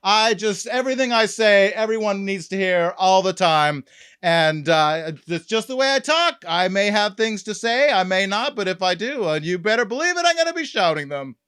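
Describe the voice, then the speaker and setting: A man voicing a loud-talking character with no inside voice, shouting every word slowly and emphatically. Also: high-pitched, lively intonation, clean tone, voice pushed up. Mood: blustering. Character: booming loudmouth man with no inside voice.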